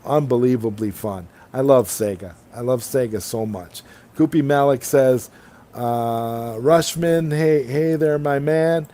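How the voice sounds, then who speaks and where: A man's voice: medium pitch, fairly even intonation, measured pace, mellow. A man hosting a casual late-night livestream chat, reading viewer comments aloud and rambling enthusiastically between them over an online call. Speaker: livestream host. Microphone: online streaming call.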